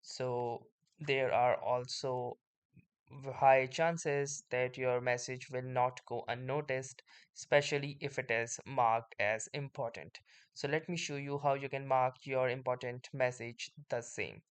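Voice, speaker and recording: A man hosting a screen-recorded software tutorial, explaining steps in a steady way and starting many sentences with "so". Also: medium pitch, unhurried, clean tone. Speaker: tutorial host.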